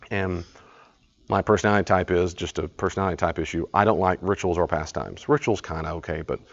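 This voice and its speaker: A man's voice: lowish voice, dull audio. A man leading a study group, lecturing in a conversational, storytelling way and acting out little dialogues. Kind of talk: live class lecture.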